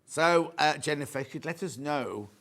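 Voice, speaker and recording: A man's voice: a little high, lively intonation, moderate pace, fairly bright tone. An English man presenting a live shopping show, chatting jokily, reading out viewer messages and showing fabrics. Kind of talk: live home shopping chat. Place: TV studio.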